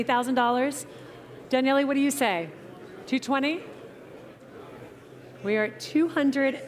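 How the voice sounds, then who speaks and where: A woman working as an auctioneer at a live car auction, calling bids in brisk patter and teasing the bidders. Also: high-pitched. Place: auction tent at an outdoor car show.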